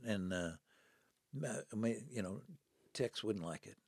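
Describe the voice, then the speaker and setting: Speaking a little fast in a fairly low, slightly mellow voice, a podcast guest in his seventies spins conversational stories, theatrically voicing the people he quotes. The recording is dry with clean studio sound.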